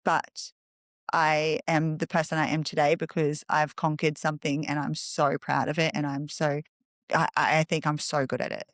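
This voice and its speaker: A woman in her thirties, guesting on a podcast, tells her story with candid, animated energy. Her voice sits on the lower side and the sound is close and dry, with no room around it. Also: moderate pace, no room sound. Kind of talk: conversational storytelling.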